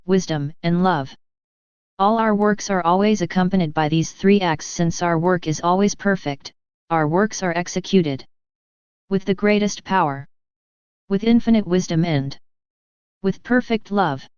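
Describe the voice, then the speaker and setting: A woman reading a devotional text aloud in an even, measured way. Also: fairly low pitch, clear, resonant tone, no echo. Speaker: reader. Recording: dry, slightly dull lo-fi.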